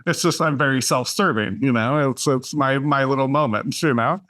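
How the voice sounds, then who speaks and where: A man's voice: medium pitch, normal speed, a bit bright. A man hosting a podcast interview, encouraging his guest with short affirmations in casual chat. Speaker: podcast host.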